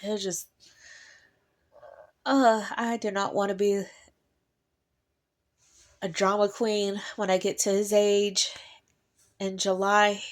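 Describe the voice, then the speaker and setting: A woman's voice: medium pitch, level tone, slow, pauses often. A woman, chatting in a rambling personal monologue and laughing between thoughts. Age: 40s. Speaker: vlogger.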